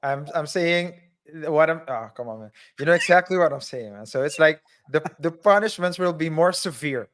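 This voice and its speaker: A man's voice: on the high side, animated, moderate pace, fairly bright tone, a little hiss or hum. A man co-hosting a casual discussion show, joking and restarting his sentences as he talks. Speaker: podcast co-host. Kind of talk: casual chat.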